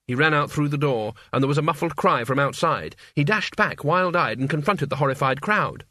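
A man narrating a story aloud in an expressive, wry reading. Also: a little high, a little fast, hardly any pauses, no echo, clean studio sound. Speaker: audiobook reader. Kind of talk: scripted narration.

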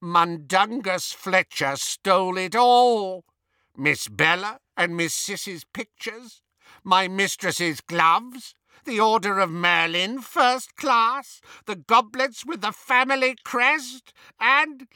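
A man doing a croaking, resentful old house elf. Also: high voice, takes it slowly, pushed and bright, dry recording, studio quality, pitched above the performer's own voice, exaggerated voice. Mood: frantic. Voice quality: croaking bullfrog voice. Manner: muttering, resentful. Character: old male house elf, servile and bitter. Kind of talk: audiobook character voice.

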